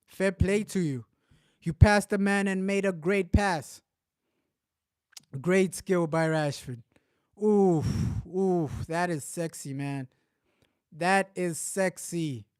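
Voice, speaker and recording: A man commenting live on a match as a fan, grumbling through the slow spells and shouting with excitement when his team scores. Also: high voice, clean tone, dry recording, studio quality. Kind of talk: live watch-along commentary.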